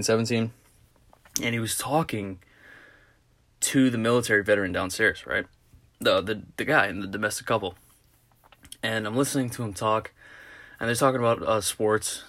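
A young man hosts a solo podcast in a crude, rambling, swearing way. His voice is low and groggy as if he just woke from a nap, and it sits close and dry with no room sound at all. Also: no echo. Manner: crude, profane, rambling storytelling. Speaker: podcast host. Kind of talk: casual solo podcast rant.

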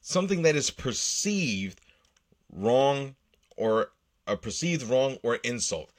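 A man's voice: mid-range voice, big pitch swings, slow. A man hosting his own show, talking solo in a rambling, profane way, with many restarts and fillers. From United States. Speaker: podcast host. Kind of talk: casual solo monologue.

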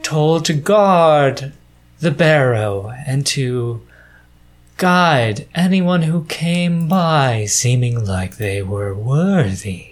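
Brief: man voicing an old male gargoyle guard, unhurried and lilting, light background hiss. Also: mid-range voice, animated. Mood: solemn. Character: ancient stone gargoyle guardian, male, solemn.

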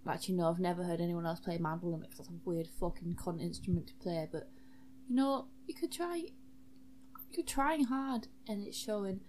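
A woman's voice: on the low side, normal speed, darkish tone, a little hiss or hum, pitched below the performer's own voice, natural voice. A woman voicing a brash, crude male knight who swears freely and talks bluntly and offhand. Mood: blunt advice.

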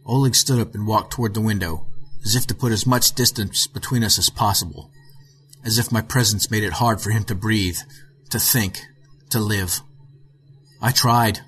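A man giving a measured, scripted reading of a fiction story as its narrator. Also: fairly low pitch, steady tone, fairly bright tone, husky, soft background music.

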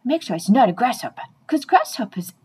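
A woman's voice: fairly high pitch, very animated, brisk, darkish tone, breathy edge, exaggerated voice, rough recording. A woman voicing a playful, chatty pet dog, speaking straight to the listeners in a comic monologue.

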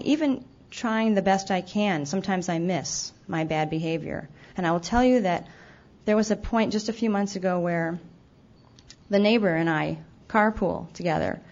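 Candid woman giving a recovery talk. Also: on the low side. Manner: candid and self-deprecating, with halting restarts; acts out her own past remarks. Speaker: speaker sharing her recovery story. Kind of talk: personal testimony talk. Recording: dull lo-fi event recording.

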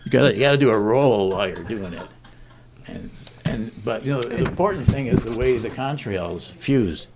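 A man's voice: medium pitch, lively intonation, moderate pace, very noisy. A man hosting a comedy talk show, reading joke headlines and bantering in a dry, wry way. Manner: dry, wry delivery with chuckles.

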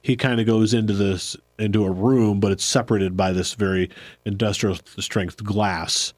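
A man's voice: fairly low pitch, steady tone, moderate pace, dry recording. A middle-aged man co-hosting a casual chat, rambling and correcting himself as he goes. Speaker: podcast co-host.

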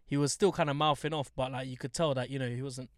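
A young man, chatting casually and telling animated stories full of slang. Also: mid-range voice, quick pace, no room sound, clean studio sound. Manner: animated storytelling, heavy slang. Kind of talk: casual chat.

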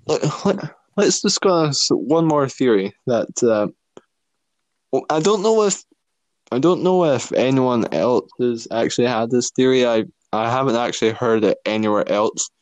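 A man's voice: mid-range voice, unhurried, a little mellow, no room sound. A young man chatting casually as a podcast co-host, rambling and hesitant, laughing often. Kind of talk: casual chat.

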